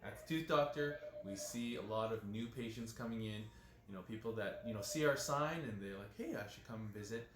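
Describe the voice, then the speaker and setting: A man, working as a dentist, telling stories in a relaxed, casual way and leaning on lots of "you know" fillers. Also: lowish voice, fairly quick, noisy background. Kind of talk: casual interview talk. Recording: echoey room with faint ambience.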